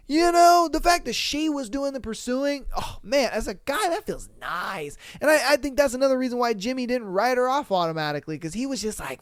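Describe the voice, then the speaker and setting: A man hosting a podcast, giving casual, animated, slangy commentary and laughing often. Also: very high-pitched, brisk, few pauses, no room sound, studio quality. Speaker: podcast host. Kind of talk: casual reality-show commentary.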